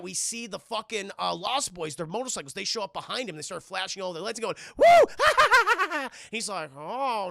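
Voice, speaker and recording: Streamer, male, high gravelly voice, bright tone, profane animated film recap to chat. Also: no room sound, clean studio sound. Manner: animated, profane, acts out characters' lines in silly voices. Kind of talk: casual scene-by-scene film recap to live chat.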